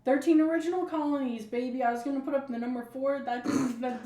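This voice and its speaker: A woman's voice: sits high, steady tone, fast, mellow. A woman co-hosting a casual podcast, answering quiz questions with goofy jokes and frequent laughter. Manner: goofy, joking, laughs a lot. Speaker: podcast co-host taking a quiz. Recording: echoey room with faint ambient noise.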